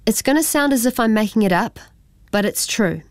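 Woman reading as a sharp-tongued young girl. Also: fairly high pitch, lively intonation, a little fast, no room sound, pitched above the performer's own voice, close to an everyday voice. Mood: earnest. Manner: sharp and blunt.

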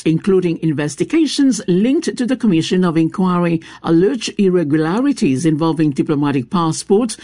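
Lively male news anchor. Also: no room sound, studio quality. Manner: formal reading with lively pitch, occasional small stumbles. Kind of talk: scripted news bulletin reading.

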